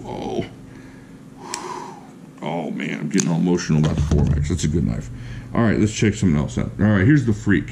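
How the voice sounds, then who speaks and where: A man giving a casual, chatty knife review, enthusiastic and quick to laugh. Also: sits low, warm tone, a little hiss or hum.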